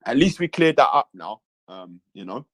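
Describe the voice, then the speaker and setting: A man's voice: mid-range voice, sing-song, moderate pace, no echo. Man chatting on a live stream. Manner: reads chat messages aloud, repeats lines, chatty. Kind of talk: casual live-stream chat.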